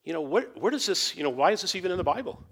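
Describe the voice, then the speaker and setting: A man's voice: sits high, very animated, very fast, creaky, fairly bright tone, slightly rough. Rambling man giving an informal Bible talk. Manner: rambling, full of "you know" and restarts. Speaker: Bible teacher.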